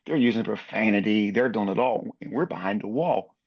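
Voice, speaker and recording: A man's voice: lowish voice, a little fast, slightly rough, lo-fi sound. A man in his sixties, a basketball referee, telling anecdotes in a podcast interview and acting out other people's lines.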